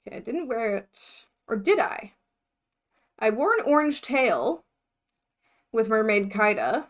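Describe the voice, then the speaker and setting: A woman's voice: a little high, very animated, measured pace. A young woman from the United States chatting casually on a livestream, scattered and thinking aloud, laughing often as she talks to her chat. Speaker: mermaid vlogger livestreaming.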